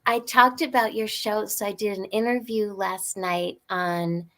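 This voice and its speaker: A woman guest on a podcast, chatting in a bubbly, rambling, excitable way. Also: mid-range voice, a little slow. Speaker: guest actress. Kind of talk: casual podcast chat.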